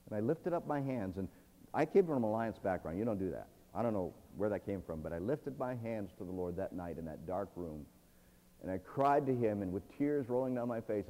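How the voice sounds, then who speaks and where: A man's voice: lowish voice, expressive, brisk. Man telling testimony in an echoing hall. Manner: dramatic storytelling, swinging between loud pleading and hushed tones. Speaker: speaker giving a personal testimony. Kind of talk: testimony sermon. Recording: long hall reverb.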